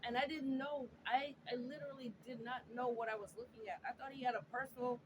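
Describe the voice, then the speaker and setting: A woman telling a personal story in earnest, halting speech, often repeating words and restarting her sentences. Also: a little high. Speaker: storyteller sharing a personal testimony. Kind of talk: emotional first-person storytelling. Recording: clear steady background noise.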